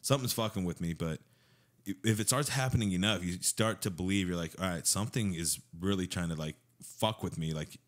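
A man with a very low voice rushes through a story in casual podcast talk. He swears a lot and acts out the lines of people in the story. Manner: swearing, animated storytelling with acted-out quotes. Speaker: podcast guest.

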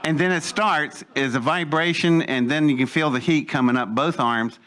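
A man's voice: a little high, normal speed, a bit bright. A man telling a personal story in casual speech, acting out the voices he quotes and laughing as he goes. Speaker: storyteller recounting his own experience.

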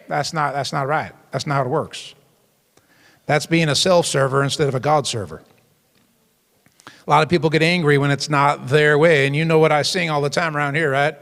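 A male pastor delivers an emphatic sermon to a youth group, prodding the listeners with quick call-and-response asides. His voice sits somewhat high for a man and carries a gravelly edge. The sound hangs in a long hall reverb. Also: a bit bright. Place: church hall.

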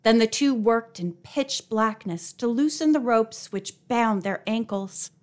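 Woman narrating a mystery audiobook. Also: unhurried. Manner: expressive, raises her pitch for dialogue. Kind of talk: scripted narration.

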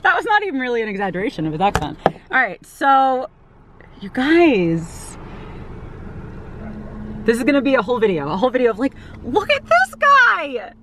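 A woman filming a giggly, excited travel vlog on her phone outdoors at a roadside attraction. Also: fairly high pitch, fairly quick, pauses often, a little hiss or hum. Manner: giggly, easily amazed, chatty. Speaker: vlogger. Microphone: phone camera held in hand.

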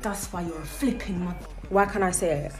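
A woman's voice: fairly low pitch, fairly quick, music in the background. A young woman performing a cheeky, slangy comedy sketch.

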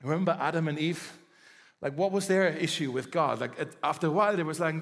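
A male pastor preaching a sermon in a conversational, animated way, acting out quoted dialogue. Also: on the high side, fairly quick, in a large hall. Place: church.

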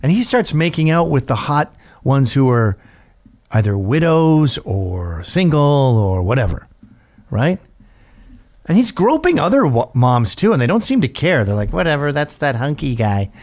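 A middle-aged man hosts a show, telling a rambling comic story in a loose, profane way. His pitch swings widely as he talks, and he now and then jumps into a high squeal to mimic someone. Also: big pitch swings, a little slow, darkish tone. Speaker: show host. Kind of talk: casual comedic storytelling.

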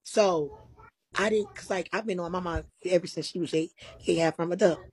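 Husky, low-voiced woman telling a story. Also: moderate pace, dry recording, poor audio. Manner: animated, profane retelling full of quoted dialogue. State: tired. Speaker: guest. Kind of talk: casual storytelling.

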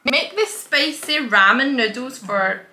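A woman's voice: high-pitched, expressive, a little slow, sharp tone, roomy sound. A middle-aged woman with a Scottish accent, hosting a casual home vlog in a chatty, giggly, nervous way. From Scotland. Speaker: vlogger host. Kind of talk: casual chat to camera. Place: room at home.

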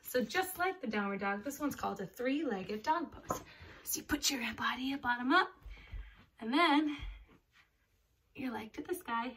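Bright, high woman leading kids' yoga. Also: animated, a little slow, long pauses. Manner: encouraging, simple words for children. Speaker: yoga teacher for children. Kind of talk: reading a picture book and leading kids' yoga. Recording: distant mic, faint background noise.

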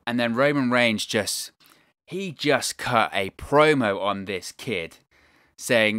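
A man's voice: medium pitch, slow pace, a bit bright, no echo, studio quality. A British man hosting a wrestling news show, giving casual commentary in an enthusiastic manner and repeating phrases for emphasis.

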